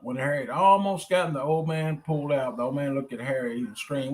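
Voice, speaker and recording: A man's voice: fairly high pitch, quick pace, few pauses, a little mellow, poor audio. A man reading a children's story aloud in a casual, chatty way, breaking off to talk to people nearby. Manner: chatty, digresses to talk to others.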